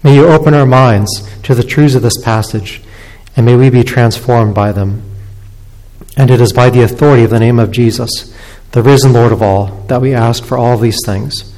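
Male pastor, mid-range voice, solemn and measured sermon delivery, long church-hall reverb. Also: mid-range voice, fairly even intonation, darkish tone. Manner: measured, solemn reading and prayer. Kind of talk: sermon with scripture reading and prayer. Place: church sanctuary.

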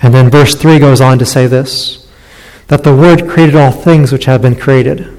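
A man's voice: mid-range voice, steady tone, a little mellow. Man teaching scripture in a reverberant hall. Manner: explanatory, slows down on key phrases. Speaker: preacher.

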